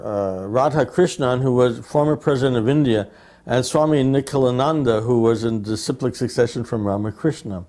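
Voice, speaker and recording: Man, devotee telling a story, lively storyteller, acts out the quotes, mid-pitched voice. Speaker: devotee recalling memories. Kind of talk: personal anecdote telling.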